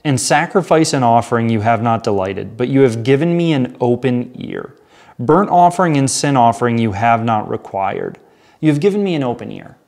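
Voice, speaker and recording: A man's voice: medium pitch, animated, normal speed, a little mellow. Earnest man teaching Bible study. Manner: earnest, conversational, reads scripture aloud then rephrases it. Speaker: pastor.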